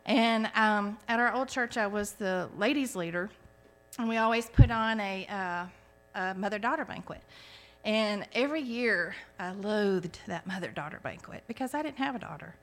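Earnest and heartfelt, a woman in her forties recounts her faith story, frequently restarting her sentences. Her voice is mid-range and a bit bright, at an ordinary speed.

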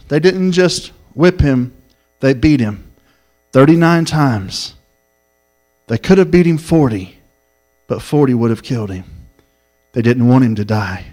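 A man preaching a sermon, telling stories and swinging from raised, pleading lines to low, quiet ones. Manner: storytelling preacher, swells up then drops low and soft.

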